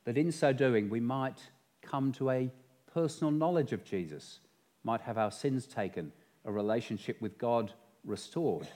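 A man preaching an earnest, measured sermon in a church, gently inviting listeners to pray. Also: fairly low pitch.

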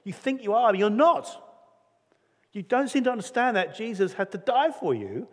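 A man's voice: sits high, big pitch swings, moderate pace, voice pushed up. A man voicing an earnest churchgoing woman who blurts out a pleading, emotional plea. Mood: pleading outburst. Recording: long hall reverb.

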